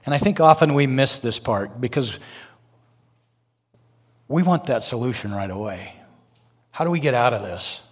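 Older male guest preacher, mid pitch, earnest sermon delivery with homely asides. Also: animated, normal speed, pauses often, husky. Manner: earnest, folksy asides, rises for emphasis.

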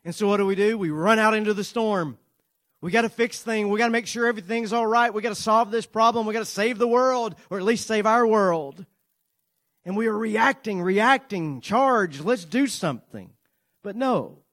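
A pastor preaching to his congregation, earnest, with dramatic swings between loud emphasis and soft, quiet lines, and playful asides. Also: sits high, normal speed. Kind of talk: sermon.

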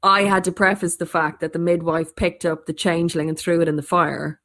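An Irish woman who tells stories, chatting casually in quick, animated bursts with frequent restarts. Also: lowish voice. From Ireland. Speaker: storyteller. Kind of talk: casual conversation.

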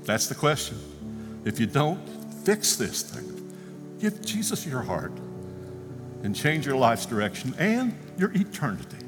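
Male preacher, storytelling sermon, animated, acts out quotes, church hall echo, faint music. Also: medium pitch, a little slow, long pauses. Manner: animated storyteller, acting out quotes, ending in prayer. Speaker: guest speaker. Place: church sanctuary. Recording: long reverb, music faintly behind.

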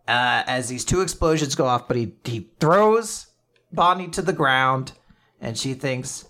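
Animated man recapping comics casually. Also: medium pitch, measured pace. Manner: animated, retells scenes by quoting characters, swears freely. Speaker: podcast co-host.

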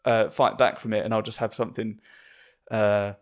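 A man's voice: on the low side, flat delivery, normal speed. A man, a stand-up comedian hosting a podcast, talking in a chatty, self-deprecating way and laughing often. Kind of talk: casual podcast chat.

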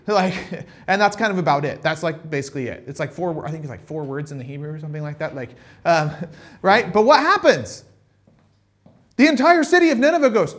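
A man preaching a casual, conversational sermon, retelling a Bible story with animated asides and frequent check-ins with listeners. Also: fairly high pitch, a little fast. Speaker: pastor.

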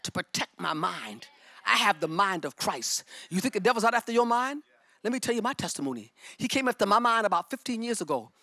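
A middle-aged woman preaching a sermon with personal testimony, fervent and emphatic, and breaking into shouts. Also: mid-range voice, big pitch swings, brisk, dry recording.

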